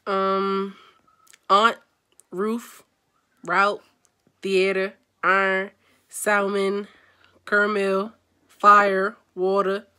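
A woman's voice: mid-range voice, flat delivery, extremely slow, pauses often, sharp tone, smooth. Chatty young woman from D.C. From Washington, D.C. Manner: chatty, upbeat, reads word lists aloud. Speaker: vlogger. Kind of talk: casual chat.

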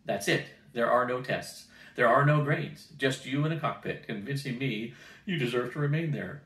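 A man doing a gruff, barking flight captain. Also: mid-range voice, normal speed, a bit bright, natural voice. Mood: stern. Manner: curt, barking commands. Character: gruff older male flight instructor, stern captain. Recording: roomy, distant mic.

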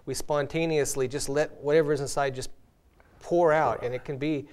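A man's voice: fairly high pitch, fairly even intonation, moderate pace, a little mellow, smooth. Earnest male host telling illustrations. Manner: earnest storyteller, tells illustrations with light laughs. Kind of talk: casual spiritual discussion.

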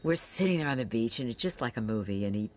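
Very low-voiced older woman recounting memories. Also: lively intonation, fast talker, darkish tone. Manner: storytelling, laughing, acting out quotes. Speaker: interviewee recalling a friend. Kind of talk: documentary interview.

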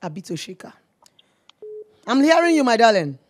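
A Nigerian woman in her thirties runs a live call-in radio program, showering callers with affection, calling them all "darling" and mixing in Pidgin. She speaks at a moderate pace in a fairly high voice with big pitch swings.

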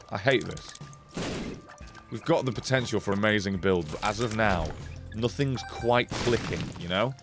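A man giving casual live-stream commentary while he plays, excitable, swearing often and reacting loudly as he reads chat. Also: lowish voice. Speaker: game streamer.

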